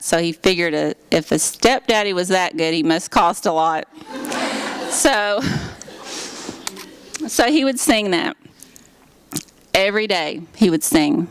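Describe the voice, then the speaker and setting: A woman's voice: on the low side, lively intonation, a little slow. A woman giving an earnest, heartfelt faith testimony. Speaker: speaker giving a personal testimony.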